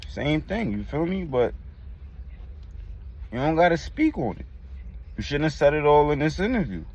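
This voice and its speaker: A man's voice: a little high, sing-song, normal speed, a little mellow, dull audio. A man hosting a reaction video, giving blunt, slang-heavy commentary. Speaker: reaction host. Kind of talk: casual commentary.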